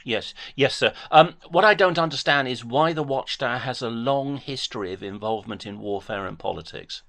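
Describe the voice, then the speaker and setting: A man's voice: medium pitch, moderate pace, gravelly, pushed and bright. A man on a phone debate, talking formally and precisely, citing dates and page numbers carefully. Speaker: caller.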